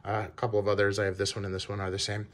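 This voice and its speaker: A man with a lowish voice talks casually to camera about his collection. He speaks haltingly, stopping and restarting his sentences often. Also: monotone. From Wisconsin. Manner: halting, many fillers and restarts. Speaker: shoe collector vlogger. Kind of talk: casual show-and-tell.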